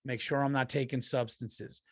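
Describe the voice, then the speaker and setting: A man's voice: mid-range voice, steady tone, moderate pace, dry recording, clean studio sound. A middle-aged man hosting a podcast, giving a blunt, profane, earnest pep talk in casual monologue. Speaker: podcast host.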